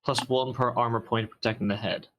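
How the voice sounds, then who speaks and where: A man's voice: medium pitch, steady tone, a little fast, muffled recording. A man playing a tabletop game, reading the rules aloud and stumbling over restarts. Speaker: player. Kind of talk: casual tabletop game chat.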